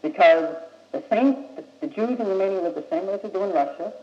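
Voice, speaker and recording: Young American man, high voice, blunt and insistent talker; old muffled tape in an echoey room. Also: animated, quick pace. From United States. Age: young adult. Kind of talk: impassioned speech.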